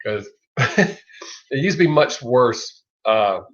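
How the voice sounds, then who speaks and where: This middle-aged livestream host speaks slowly but animatedly, his medium-pitched voice fairly bright and his accent Southern US. His casual chat rambles along with free swearing and lots of laughter, and the audio sounds lo-fi and dull.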